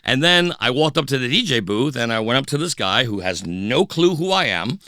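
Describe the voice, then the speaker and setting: Middle-aged guy telling club stories, pitch all over the place, dry close mic. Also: a little fast, dry recording. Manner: animated, acts out voices of people in his stories. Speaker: podcast guest, DJ. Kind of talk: casual storytelling interview.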